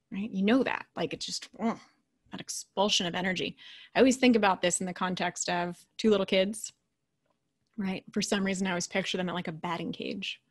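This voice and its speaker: A woman leadership coach giving a casual, animated lecture. She acts out quoted voices and keeps adding "right?". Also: mid-range voice. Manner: often adds "right?".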